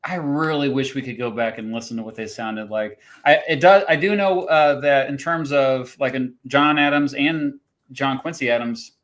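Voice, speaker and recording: A man's voice: mid-range voice, moderate pace, fairly bright tone. A man hosting a casual livestream chat, talking in a chatty, hesitant way and laughing often. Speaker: host.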